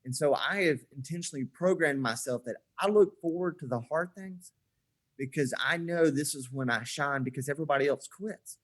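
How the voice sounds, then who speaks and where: A man in his forties, a podcast guest, telling stories in a casual chat and acting out the dialogue as he goes. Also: a little high. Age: 40s. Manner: animated storyteller who acts out quoted dialogue.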